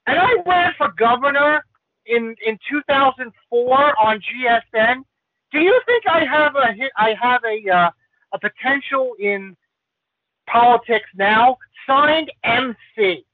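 A man's voice: very high-pitched, measured pace, no echo. A man reading listener letters on a podcast in a flustered, stammering way. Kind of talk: casual chat and letter reading. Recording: dry, phone-like narrow sound.

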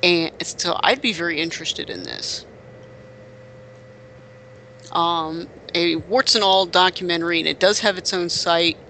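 This podcast co-host's voice sits on the high side, pushed and bright, with fairly even intonation, a slightly slow pace and frequent pauses, plus a little hiss or hum. In casual chat, he rambles through stories, often restarting, using fillers and correcting himself.

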